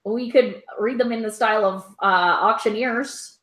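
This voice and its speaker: A woman's voice: fairly high pitch, steady tone, normal speed, echoey room, poor audio. A woman co-hosting a comedy podcast, chatting playfully and swearing casually. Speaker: podcast co-host. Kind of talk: casual chat.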